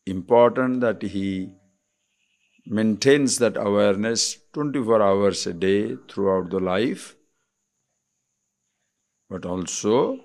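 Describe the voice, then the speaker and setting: A man with an Indian accent, a swami giving a spiritual discourse on scripture, explaining deliberately and checking in with rhetorical questions. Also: lowish voice.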